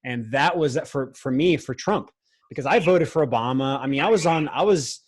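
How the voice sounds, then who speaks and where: A man's voice: mid-range voice, moderate pace, husky, rough recording. A man talking in a casual conversation as a guest, rambling with frequent restarts and fillers. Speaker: podcast guest, film co-founder.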